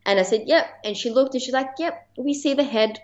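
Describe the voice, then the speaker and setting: A woman's voice: high voice, fairly quick, lo-fi sound. An Australian woman telling a personal story as a podcast guest in a chatty way, full of fillers and light laughter.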